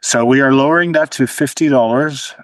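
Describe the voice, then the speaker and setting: A man's voice: medium pitch, a little fast, dry recording. A man speaking as an interview guest, thoughtful, with frequent restarts and a dry sarcastic streak. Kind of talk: conversational interview.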